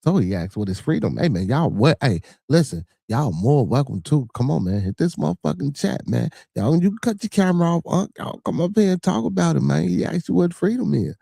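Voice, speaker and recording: A man's voice: a little high, very animated, a little fast, creaky, hardly any pauses, dark tone, dry recording, studio quality. A man with a Chicago accent hosting a livestream, joking and cursing loosely while reading chat comments aloud. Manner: loose, profane, joking banter with frequent filler. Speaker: livestream podcast host.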